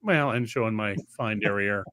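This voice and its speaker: A man's voice: lowish voice, normal speed, pushed and bright, clear, resonant tone, no echo. A middle-aged man co-hosting a podcast, trading teasing jokes in casual chat while sweating in a hot room. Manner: joking, teasing banter. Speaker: podcast co-host.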